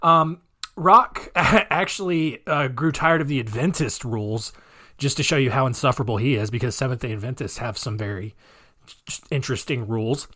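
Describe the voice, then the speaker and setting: A man's voice: mid-range voice, fairly quick, a bit bright. A man hosting a comedic storytelling podcast, sarcastic and irreverent, laughing often as he tells the story. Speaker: podcast host.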